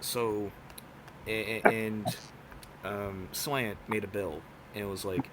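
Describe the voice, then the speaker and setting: A young man with a lowish voice answers at a debate, wandering through his points and leaning on filler words at every turn. Steady background noise and passing vehicles sit under him. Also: moderate pace. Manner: rambling, heavy on filler words. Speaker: debate candidate.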